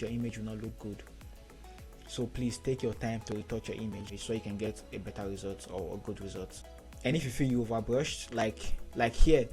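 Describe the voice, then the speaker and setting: A man teaching photo editing in a screen-recorded tutorial, giving steady step-by-step instructions and repeating key points. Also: medium pitch.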